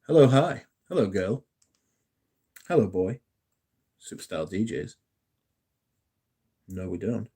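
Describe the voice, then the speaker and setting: A man's voice: on the low side, expressive, takes it slowly, pauses often, dark tone, slightly rough. A young man hosting a casual live stream, chatting in a jokey way and reading out messages from the chat. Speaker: livestream host.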